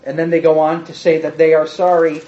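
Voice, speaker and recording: A high-voiced man preaches a little fast, animatedly acting out quoted speech with sudden leaps up and drops to a hush, big swings in both pitch and loudness. The recording is dull and lo-fi, its top end muffled.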